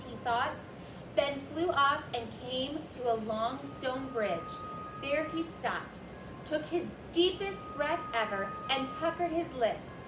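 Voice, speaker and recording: A children's librarian hosting story time reads a picture book aloud slowly and gently, then guides young listeners through a craft. Her voice is a little high and expressive, echoing around the room with music playing in the background.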